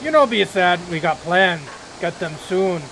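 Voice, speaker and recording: A man's voice: high-pitched, lively intonation, unhurried, background noise. A man voicing a downtrodden male orc factory laborer who talks in blunt, broken, clipped phrases. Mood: gruff.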